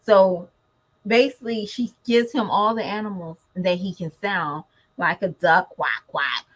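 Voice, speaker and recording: Woman chatting to her viewers on a vlog, animated and chatty, casual mom talk. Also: medium pitch, a little slow, rough recording. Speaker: mother vlogger. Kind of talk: casual chat to camera.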